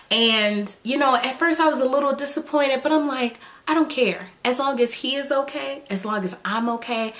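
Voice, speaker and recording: A woman's voice: high-pitched, moderate pace, few pauses. A young woman from Chicago telling a personal story in a chatty vlog, acting out what people said. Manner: chatty, animated retelling with quoted dialogue. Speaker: vlogger.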